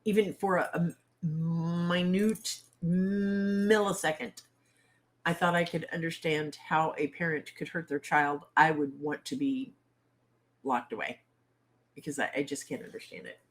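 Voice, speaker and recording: A woman with a slightly low-pitched voice hosts a casual livestream chat. She talks bluntly and outspokenly, with salty phrasing. She keeps turning to her viewers with direct questions. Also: fairly quick, a bit bright. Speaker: author and livestream host.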